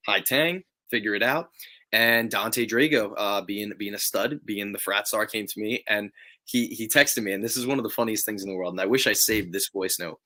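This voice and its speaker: A young man, a pro wrestler, chatting as an interview guest over a video call, animated and quick to laugh. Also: lowish voice. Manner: animated storytelling, laughs easily. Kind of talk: casual interview chat.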